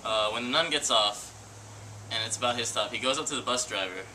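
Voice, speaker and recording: A man's voice: mid-range voice, fairly quick, pushed and bright, rough recording. A young man telling crude jokes among friends, laughing at his own lines and losing track. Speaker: joke teller. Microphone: handheld camcorder. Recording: faint background noise, home camcorder.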